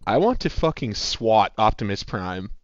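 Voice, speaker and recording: Low-voiced crude male contestant, dull mic. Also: big pitch swings, moderate pace, dry recording. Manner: crude, enthusiastic joking. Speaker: game show contestant. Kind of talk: casual banter during a game.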